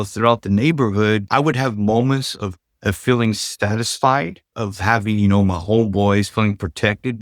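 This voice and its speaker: A middle-aged Southern California man tells his life story loosely and casually, peppering it with "like" and "you know." His voice is fairly low, recorded at studio quality with no echo.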